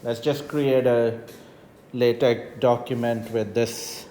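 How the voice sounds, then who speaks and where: Guy teaching math coding stuff, slow and steady, warm low-key voice, faint music behind. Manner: unhurried, explains step by step with frequent "right?" checks. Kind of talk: screen-recorded coding tutorial. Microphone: voice-over on tablet whiteboard recording.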